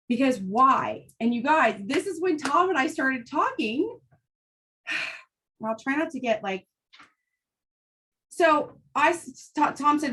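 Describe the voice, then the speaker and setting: High-voiced fired-up woman giving motivational talk. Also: fairly bright tone. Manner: fired-up, emphatic, blunt with swearing. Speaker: team leader addressing women in her business.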